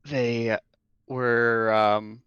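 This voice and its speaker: Hesitant man with a crisp bright voice. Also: mid-range voice, flat delivery, no echo, highs cut off. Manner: hesitant, halting. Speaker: player. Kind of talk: tabletop role-play chat.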